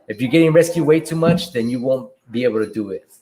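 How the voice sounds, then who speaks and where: A man hosting a casual livestream Q&A, reading viewer questions aloud and answering them in a relaxed way from a room at home. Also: medium pitch, quick pace. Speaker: livestream host and delivery driver. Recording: echoey room.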